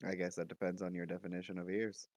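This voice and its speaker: A man's voice: low voice, little pitch movement, fast talker, darkish tone. A man playing a tabletop character, giving wry, dry comebacks. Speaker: player.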